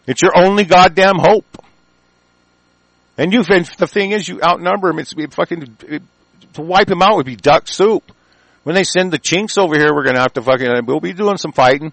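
A man's voice: on the high side, fairly bright tone, dry recording, rough recording. A man from the United States hosting his own broadcast, delivering an angry, profane, mocking political rant. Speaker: host of an online broadcast.

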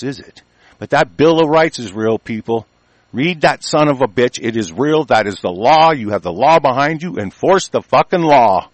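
A man delivering an angry, heated political rant full of profanity, with sudden louder bursts. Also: a little high, no echo.

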